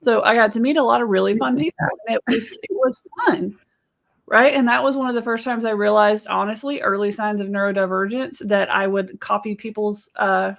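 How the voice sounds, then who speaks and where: A woman's voice: medium pitch, fairly even intonation, fairly quick, gravelly. A middle-aged American woman, a podcast co-host and business coach, telling stories in a casual, chatty way. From United States. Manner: chatty, storytelling, says "right?" and "y'all".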